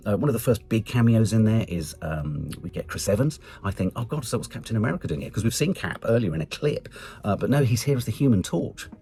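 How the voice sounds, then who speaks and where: English guy doing a chatty film review, low voice but swoops up high a lot. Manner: chatty, animated, swears casually, jumps into high mock voices. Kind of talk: casual spoken film review.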